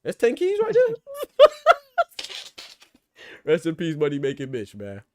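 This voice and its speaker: A man's voice: on the high side, huge pitch swings, unhurried, dark tone. A man hosting a casual boxing talk show, bantering in slang and laughing often. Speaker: host. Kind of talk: casual chat.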